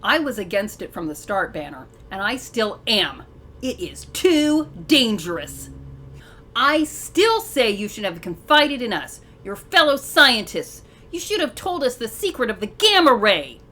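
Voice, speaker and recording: A woman voicing a sullen, jealous male scientist in a comic read-aloud, low and grudging. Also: big pitch swings, a little slow, sharp tone, a little hiss or hum, full character voice.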